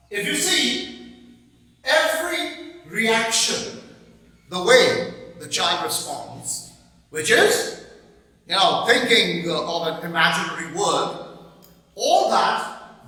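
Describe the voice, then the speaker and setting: A man's voice: high voice, pushed and bright. A middle-aged man gives a classroom lecture on a poem, repeating points emphatically and often checking with "okay?". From India. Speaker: English teacher. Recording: echoey room, mic far off.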